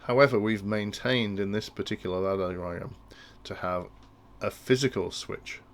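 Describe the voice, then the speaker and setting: At a normal speed and in a fairly low voice, a man works through industrial control logic for a tutorial walkthrough. His delivery is thinking-aloud, with sentences often abandoned and begun again.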